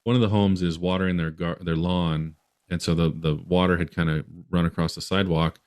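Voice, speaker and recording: A man's voice: low-pitched, little pitch movement, fairly quick, a little mellow, smooth. A man from Utah, a podcast guest, telling a long story in a rambling way with many restarts.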